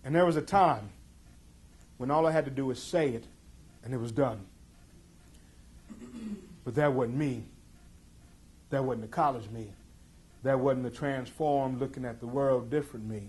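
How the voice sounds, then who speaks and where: A middle-aged man telling a tense personal story in an intense, emphatic way, moving between loud passages and hushed ones. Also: mid-range voice, measured pace, long pauses. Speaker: speaker. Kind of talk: dramatic storytelling talk.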